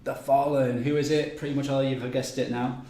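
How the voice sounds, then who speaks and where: Talking fast, with medium pitch, little pitch movement, and a slightly mellow sound, a game streamer runs through what events are coming up. His delivery is loose and conversational, peppered with ums and false starts. The recording has echo and faint noise.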